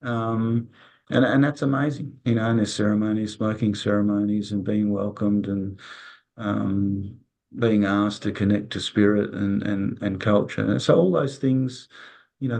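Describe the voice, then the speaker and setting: A resilience consultant, interviewed as a guest, speaks in a somewhat low, slightly mellow voice. He tells stories in a casual, rambling way, repeating words and acting out quoted dialogue.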